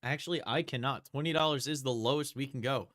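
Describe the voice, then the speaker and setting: A man hosting a live-stream coin auction, describing banknotes and coins and calling bids in a steady, chatty auction chant. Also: medium pitch, fast.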